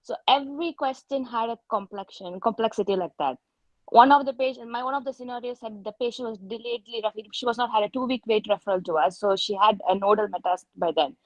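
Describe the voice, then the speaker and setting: Woman surgeon telling candid anecdotes, higher voice, dry and lo-fi video call sound. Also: quick pace, no echo. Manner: candid anecdotal storytelling, frequent self-corrections. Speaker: breast surgeon sharing exam experience. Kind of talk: informal meet-up recounting.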